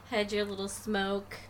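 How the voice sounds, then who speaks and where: A woman's voice: mid-range voice, a little hiss or hum. A woman hosting a casual podcast chat, teasing her co-host and laughing often. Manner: teasing, giggly.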